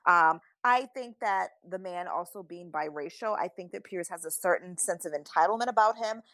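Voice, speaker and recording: A woman's voice: on the low side, moderate pace, fairly bright tone, no room sound. A woman from the United States talking in a casual chat, emphatic and indignant, repeating herself for effect. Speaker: commentator.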